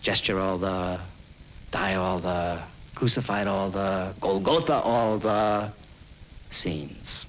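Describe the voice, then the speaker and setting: A man's voice: low voice, steady tone, takes it slowly, a bit bright, slight background noise, rough recording. A man narrating a film in improvised spoken word, rhythmic and free-associating.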